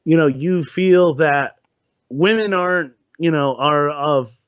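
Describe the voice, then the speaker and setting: A man from New Jersey co-hosting a casual podcast, talking haltingly and repeating his words. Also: on the high side, clear, resonant tone, no room sound, lo-fi sound. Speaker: podcast co-host. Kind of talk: casual chat.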